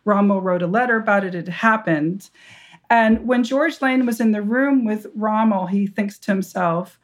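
A woman historian and author, answering interview questions with animated storytelling, full of restarts and fillers. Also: mid-range voice, normal speed.

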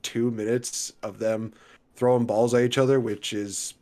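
A man's voice: medium pitch, level tone, a little slow, a little mellow. A man in his twenties co-hosting a podcast in casual, chatty talk, laughing between remarks. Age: 20s. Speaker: podcast co-host. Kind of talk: casual chat.

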